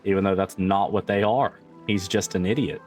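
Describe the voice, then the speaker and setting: A man's voice: sits low, steady tone, moderate pace, a little mellow, faint music behind. A man streamer chatting casually with his viewers, swearing freely and laughing often. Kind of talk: casual chat with livestream viewers.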